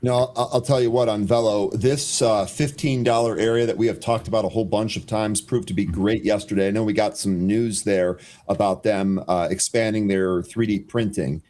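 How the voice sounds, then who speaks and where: A man co-hosting a live trading show, calling stock moves and timestamps in a brisk, dry way with the odd sarcastic aside. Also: fairly low pitch, steady tone, warm tone. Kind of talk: live market commentary.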